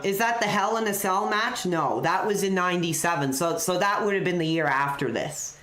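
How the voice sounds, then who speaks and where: A woman's voice: lowish voice, a little slow, fairly bright tone. Rambling woman host in a roomy space. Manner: rambling storyteller with constant "you know". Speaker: live wrestling show host. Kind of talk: off-the-cuff live-stream chat.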